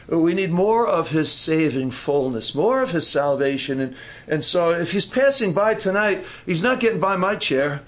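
A man preaching a sermon at a church service, repeating phrases and asking the congregation questions. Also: fairly high pitch. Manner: repetitive, call-and-response preaching with audience questions.

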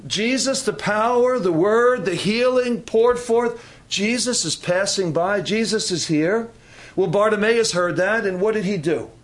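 High-voiced man preaching a sermon. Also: unhurried. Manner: repetitive, call-and-response preaching with audience questions. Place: church service.

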